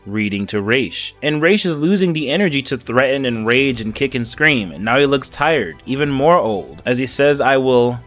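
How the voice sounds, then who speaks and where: A man giving a casual, animated, conversational recap of a comic book. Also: mid-range voice, normal speed, hardly any pauses, faint music behind.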